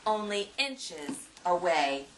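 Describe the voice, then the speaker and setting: A woman reading a picture book aloud in an expressive way, with dramatic gasps, recorded from a distance with faint noise. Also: fairly low pitch, slow pace. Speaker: storyteller.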